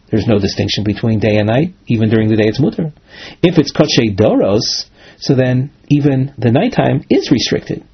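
A male Talmud teacher with a husky, middle-pitched voice gives a text-based lecture, reading Aramaic phrases and then translating them. The recording is dull, muffled and lo-fi.

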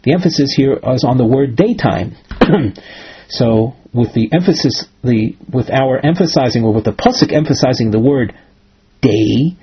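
Talmud teacher, male, husky, middle pitch, reads and translates on a muffled recording. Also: animated, normal speed. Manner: reads Aramaic phrases then translates. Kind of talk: text-based lecture. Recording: dull lo-fi recording.

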